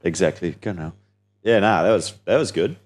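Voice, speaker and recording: A man's voice: low-pitched, normal speed, darkish tone. A young man, chatting casually as a podcast guest, laid-back, swearing and laughing often. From New Zealand.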